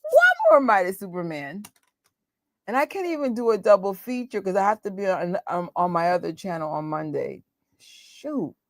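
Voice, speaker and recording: A woman hosting a live watch party and reacting to a film in casual, emotional outbursts. Her pitch swings widely as she rants, jokes and laughs, and the sound is close and dry. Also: big pitch swings, moderate pace, dry recording. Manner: casual and joking, with frequent laughs. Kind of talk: live movie reaction chat.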